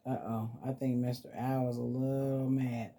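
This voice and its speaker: A woman hosting a casual vlog, talking softly and playfully to her dolls as if they were children. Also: extremely low pitch, flat delivery, normal speed. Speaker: doll collector vlogger. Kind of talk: casual doll-play vlog.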